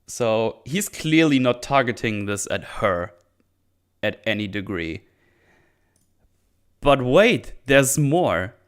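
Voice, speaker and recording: A man's voice: medium pitch, big pitch swings, slow, long pauses, clean tone. A man hosting his own show, recapping a TV episode in casual commentary, sarcastic and swearing often.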